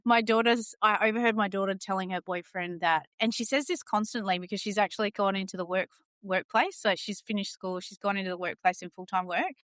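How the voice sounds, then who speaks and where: A middle-aged woman, hosting a podcast and chatting casually, telling stories with lively quoted voices. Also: mid-range voice, a little fast, hardly any pauses, no room sound, studio quality. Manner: chatty storyteller, animated quoting. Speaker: podcast host.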